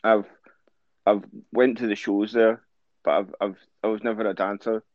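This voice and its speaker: A man's voice: on the low side, level tone, moderate pace, dry recording. Scottish male co-host, rambling sweary banter, dull dry close-mic sound. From Scotland. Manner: rambling, stumbles and restarts, laughs a lot. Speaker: podcast co-host. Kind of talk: casual sweary chat.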